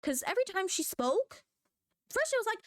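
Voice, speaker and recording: A teenage girl ranting as a vlogger, telling stories in an animated, rambling way that keeps correcting itself. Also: very high-pitched, moderate pace, no echo, studio quality. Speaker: VTuber vlogger. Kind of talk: rambling rant.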